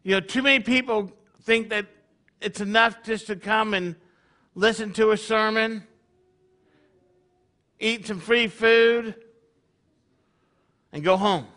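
High, bright-voiced male preacher. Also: steady tone, takes it slowly, long pauses. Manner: conversational, peppered with rhetorical questions. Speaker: congregation leader. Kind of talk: sermon.

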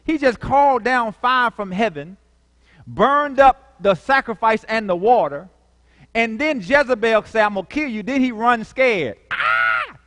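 Animated preacher man in an echoey hall. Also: extremely high pitch, a little slow. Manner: animated, call-and-response, dramatic shifts in volume. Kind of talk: sermon.

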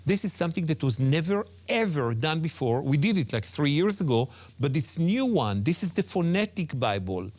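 A man's voice: fairly high pitch, very animated, moderate pace, hardly any pauses, darkish tone. Emphatic man explaining words. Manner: emphatic, repeats key words, non-native phrasing. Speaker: Hebrew teacher guest. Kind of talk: animated religious TV discussion.

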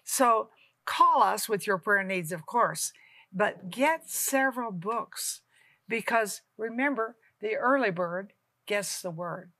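A woman co-hosting a faith talk show speaks to viewers with warm exhortation and urges them on. Her voice is bright, and the sound is dry and close. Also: mid-range voice, lively intonation, slow pace, no echo. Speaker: co-host.

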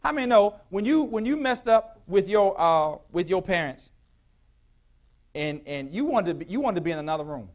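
A male pastor preaching a sermon in a church, with call-and-response questions to the congregation, sometimes rising to shouts. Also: high voice, animated, moderate pace. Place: church sanctuary.

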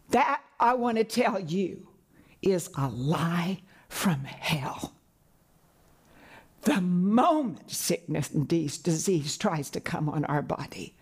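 A woman preacher giving an earnest sermon on a broadcast program, rising in pitch for emphasis and dropping to hushed whispers. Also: husky. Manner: earnest, swings between soaring and hushed whispers. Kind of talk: televised sermon.

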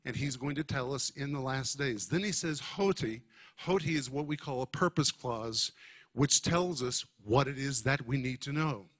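A man teaching a sermon to a congregation, speaking emphatically and deliberately and stressing key words. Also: a little high, fairly bright tone. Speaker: Bible teacher.

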